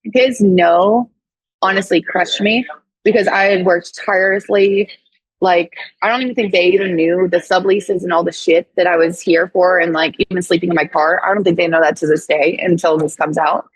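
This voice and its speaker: A woman's voice: on the low side, normal speed, slightly rough, no room sound, poor audio. A woman in her thirties from St. Louis, a doctor guest telling her story in an interview, acting out quoted dialogue with casual swearing. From St. Louis, USA. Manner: animated, acts out quoted dialogue with swearing and laughs.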